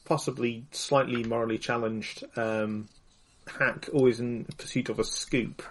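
A man playing a tabletop game, chattily pitching ideas with lots of fillers. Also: steady tone, a little slow, slight background noise. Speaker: player. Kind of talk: casual tabletop chat.

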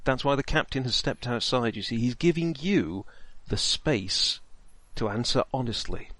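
A man playing a smooth, sinister officer who coaxes a nervous soldier. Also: mid-range voice, expressive, normal speed, fairly bright tone, no echo. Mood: coaxing. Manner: purring, falsely soothing. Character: smooth, sinister male officer, coaxing and menacing.

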